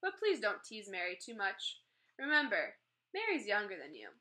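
A woman's voice: mid-range voice, wildly swooping pitch, moderate pace, sharp tone. A woman voicing a kind, patient mother who mildly scolds her children. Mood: soothing.

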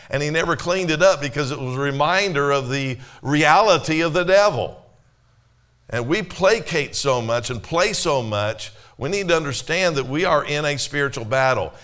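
A Canadian pastor with a slightly high, somewhat bright voice preaches a sermon in church. He speaks conversationally to his congregation, posing rhetorical questions and quoting scripture.

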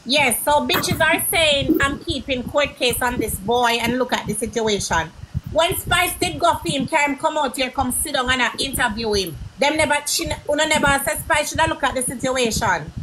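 Woman, high voice, blunt and heated, swearing, noisy live-stream audio. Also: normal speed. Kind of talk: casual live-stream chat.

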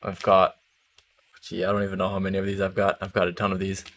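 A man's voice: sits low, monotone, fast, a bit bright. A young man chatting casually while streaming a hunting game, laughing easily and trailing off mid-thought. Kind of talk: casual gaming chat.

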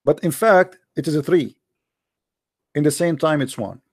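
A man's voice: a little high, normal speed, no echo. Man patiently explaining, dry close sound. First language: not English. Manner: explains patiently with repeated checks like "right?"; animated, lively storyteller. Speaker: debate host. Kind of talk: casual debate talk.

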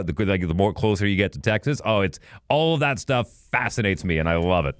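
A man's voice: deep voice, lively intonation, a little fast, no echo, studio quality. A man co-hosting a podcast, chatting casually and going off on enthusiastic tangents to explain trivia. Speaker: podcast co-host.

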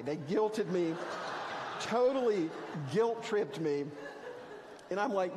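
Man, pastor, sermon, relaxed storytelling, higher-pitched voice, long hall echo. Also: normal speed. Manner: conversational storytelling with self-deprecating humor. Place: church sanctuary.

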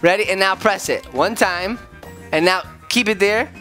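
A man's voice: moderate pace, faint music behind. A man playing a video game with his son, chatting casually and playfully, breaking into sudden squeals. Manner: excitable and goofy, with sudden high squeals. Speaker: gaming video host, father.

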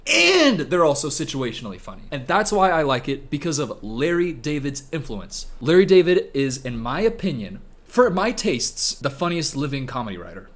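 A man's voice: medium pitch, very animated, fairly quick, hardly any pauses, fairly bright tone. A man hosting a comedic reaction video, rambling with jokey asides over faint background music.

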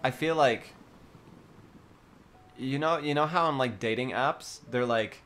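A man's voice: mid-range voice, a little slow, long pauses, a bit bright. A man with an Australian accent hosting a casual livestream chat with viewers, playful, giggly and teasing. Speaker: livestream host.

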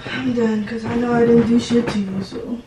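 This young woman's voice sits on the high side, with a level tone and moderate pace. As a vlogger doing prank banter in her bedroom, she pleads with her boyfriend and repeats herself in exasperation. The audio sounds far off in an echoey room, with noise behind it.

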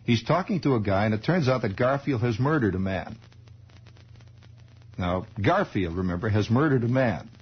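An American radio host in his forties talks in a fairly low, slightly rough voice, animated and at a moderate pace. He wanders through a wry, rambling story packed with asides, and the archival recording sounds dull.

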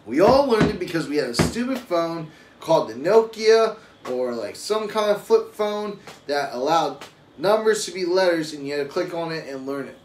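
A man's voice: fairly high pitch, very animated, moderate pace. A young adult man and father talking casually on a live stream, telling rambling, profane stories. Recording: roomy echo with faint ambient noise.

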